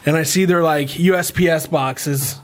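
A man's voice: on the high side, fairly even intonation, normal speed. A man in his thirties from Ohio, co-hosting a casual podcast and telling a rambling story with a lot of laughter. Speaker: podcast co-host. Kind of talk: casual chat.

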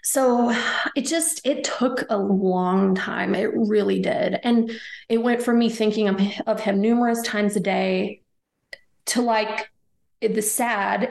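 A woman in her thirties recounts a personal story in a rambling, emotional way, her words strung together with "like" and "you know". Her voice has a gravelly fry to it and rings with room echo. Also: medium pitch, a little mellow. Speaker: guest.

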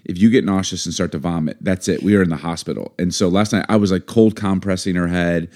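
A middle-aged man co-hosting a podcast, chatting and joking with his wife in animated banter. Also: deep voice, fast talker. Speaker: podcast co-host. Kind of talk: casual chat.

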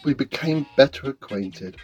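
A man hosting a radio show, delivering a rambling, self-deprecating comic monologue in a deadpan way. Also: mid-range voice, moderate pace, music in the background.

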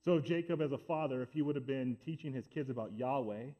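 A man's voice: mid-range voice, fast, lo-fi sound. A man preaching a sermon as pastor, talking emphatically and building up his points by repeating himself. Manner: emphatic, repetitive build-ups.

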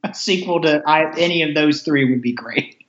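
A man's voice: on the high side, moderate pace, a little hiss or hum. Man on a roomy, dull-sounding line. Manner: enthusiastic, rambling with restarts. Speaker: podcast guest. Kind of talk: casual chat.

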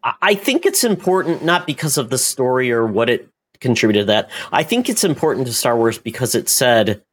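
A man speaking as a podcast guest in casual chat, halting and searching for his words. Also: medium pitch, very animated, slightly rough.

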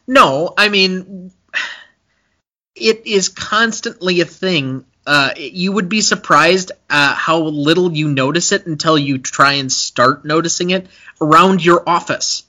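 A man's voice: a little high, takes it slowly, sharp tone. A man co-hosting a casual film podcast, talking in an analytical way with many hesitations and fillers. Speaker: podcast co-host.

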